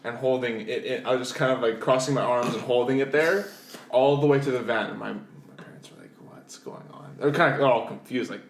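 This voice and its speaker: A young man in casual podcast chat, spinning animated stories that leap upward when he laughs. His voice sits at an ordinary pitch. The room around him is echoey. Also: brisk. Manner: animated storyteller, jumps high when laughing. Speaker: podcast co-host.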